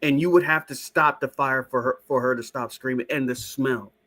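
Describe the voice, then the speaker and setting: A man's voice: medium pitch, steady tone, normal speed, sharp tone. A man hosting a casual stream, talking to his chat in a profane, skeptical way. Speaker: show host. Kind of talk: casual live-stream talk.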